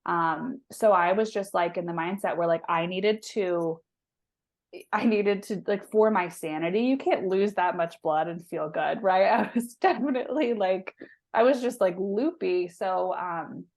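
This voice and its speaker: A woman in her thirties with a fairly low voice tells her story as a podcast guest. She talks in a chatty, heartfelt way, full of "like" and restarts. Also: a little slow. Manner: chatty, lots of "like" and restarts, emotional. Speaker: guest, holistic health practitioner. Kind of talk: casual interview storytelling.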